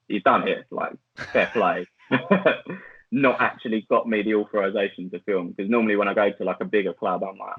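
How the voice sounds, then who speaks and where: A man's voice: fairly low pitch, breathy edge, no echo. A man, a podcast guest who tells a story in a rambling way, full of fillers and restarts. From Essex, England. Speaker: podcast guest, football video maker. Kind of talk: casual storytelling chat. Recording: tinny phone-like line, dry.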